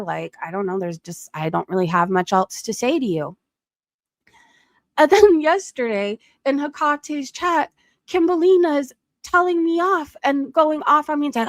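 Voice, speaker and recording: A woman's voice: high voice, normal speed, no echo, studio quality. A young adult woman streamer giving casual gossip commentary, blunt and profane, laughing often. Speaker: live streamer.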